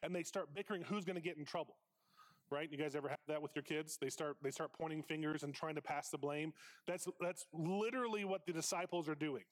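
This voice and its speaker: Male preacher, conversational sermon, emphatic repetition, rhetorical questions to the congregation, voice a touch high. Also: fairly even intonation, a little fast. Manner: emphatic, repeats phrases for stress.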